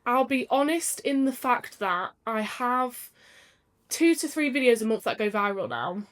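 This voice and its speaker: Woman guest, chatty and emotional, lots of laughing, voice sits a bit high. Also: sing-song, unhurried. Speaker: podcast guest, business owner. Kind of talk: candid casual chat.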